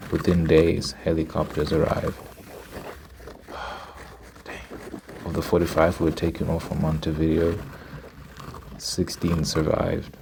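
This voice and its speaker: A man's voice: rumbling low, completely flat delivery, normal speed, gravelly, noisy background. A man doing whispered ASMR storytelling, reading a story aloud and stopping to react to it. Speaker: ASMR creator.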